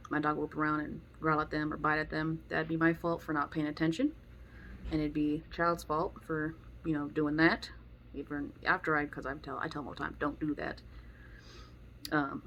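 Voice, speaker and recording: A young woman with a notably low voice delivers an unfiltered, opinionated monologue. She is blunt and direct, talking casually to her viewers. A faint background hiss sits under the recording. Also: fairly bright tone. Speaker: dog trainer vlogger.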